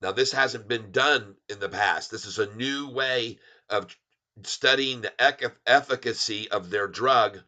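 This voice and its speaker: A male stock vlogger chats casually to his viewers. His voice is very bright and edgy at a mid pitch. He rambles and gets excited, with lots of exclamations. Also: measured pace. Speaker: stock market vlogger and songwriter. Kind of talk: casual livestream chat about stocks.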